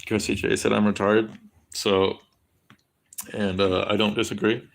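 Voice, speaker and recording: A young man from the States talks on his livestream, wandering from one thought to the next and swearing as he reacts to chat. His voice sits a little low, with a gravelly fry running through it. He sounds high and unhurried. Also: flat delivery. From United States. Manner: rambling, crude, answers chat.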